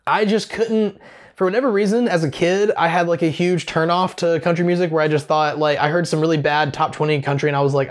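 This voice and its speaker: A man with a fairly high voice hosts a relaxed interview. He asks long, meandering questions, padding them with fillers as he goes. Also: fairly quick. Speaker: podcast host. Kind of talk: casual interview chat.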